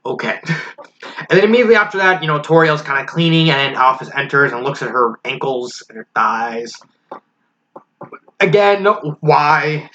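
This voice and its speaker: A man's voice: fairly high pitch, animated, normal speed, sharp tone. A man giving a casual spoken review of a fan story, frank and critical, thinking aloud as he goes. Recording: slightly dull lo-fi recording with faint hiss.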